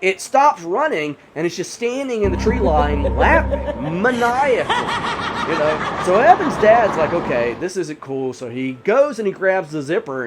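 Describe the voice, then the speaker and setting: High, animated male horror storyteller. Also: a little hiss or hum. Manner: rambling, many 'you know' fillers. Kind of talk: casual spoken horror storytelling.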